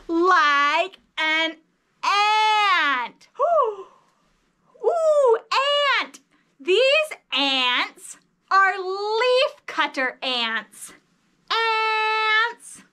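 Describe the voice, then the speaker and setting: A woman's voice: extremely high pitch, big pitch swings, drawn-out words, sharp tone. A woman teaching children a phonics lesson in an exaggerated, sing-song teacher voice. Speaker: early reading teacher.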